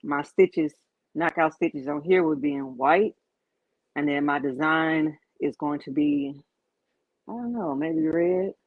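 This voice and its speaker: A woman's voice: low-pitched, takes it slowly. A woman with a Southern US accent hosts a casual crafting livestream from her home studio, chatty and thanking viewers as she works. The audio is dull and lo-fi, with a dry, close sound and no room echo. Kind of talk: casual live-stream chat.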